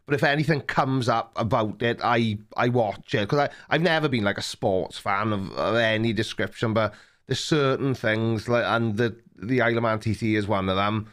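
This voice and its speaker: A Welsh man hosting a live stream chats casually with a caller, telling stories and laughing often. His voice is lowish and a bit bright, at a moderate pace.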